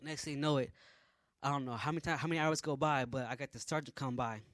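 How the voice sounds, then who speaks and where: A young man, an army private, telling a personal story in a casual, animated way, dropping to low mutters and rising to loud exclamations. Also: quick pace, no echo. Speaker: army private recounting training.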